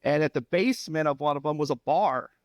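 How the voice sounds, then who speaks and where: A middle-aged man with a fairly high voice spins a long, animated story and chuckles along the way. It is a casual podcast chat recorded up close in a dry, dead space. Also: a little fast, dry recording. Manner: animated anecdote teller, laughs at own stories. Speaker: head coach, podcast guest.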